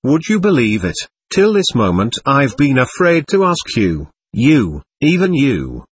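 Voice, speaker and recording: A man reading the part of a desperate young prisoner who pleads with his brother, in a husky, lively voice. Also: medium pitch, measured pace, no echo, exaggerated voice. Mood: grateful. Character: anguished young man awaiting trial, impassioned. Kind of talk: audiobook reading.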